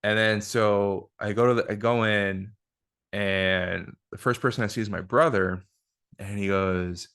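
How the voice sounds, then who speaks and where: A man's voice: lowish voice, steady tone, a little slow, fairly bright tone, clean tone. A man hosting a podcast, telling a personal story in a frank, casual way, with lots of swearing and filler words. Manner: frank, profane, filler-heavy retelling. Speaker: podcast host. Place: indoor room with guest. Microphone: single shared microphone.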